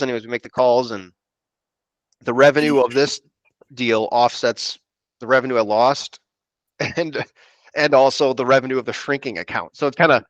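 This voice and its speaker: With a medium pitch, a moderate pace and frequent pauses, an insurance producer meanders through a casual podcast anecdote, quoting people's words back. There's no room sound.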